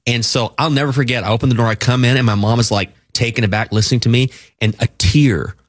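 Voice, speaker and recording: A broadcaster from Texas, telling stories in a casual talk-show chat. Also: male voice, mid-range voice, fairly even intonation, fast talker. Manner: chatty anecdotal storyteller.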